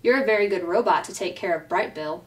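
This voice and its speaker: A woman voicing a shy young beaver boy who speaks quietly. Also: medium pitch, fast, distant mic, close to an everyday voice. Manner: quiet and soft.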